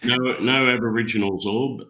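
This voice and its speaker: A man's voice: medium pitch, steady tone, normal speed, pushed and bright, low-quality recording. A man in casual chat, explaining things in a plain, matter-of-fact way.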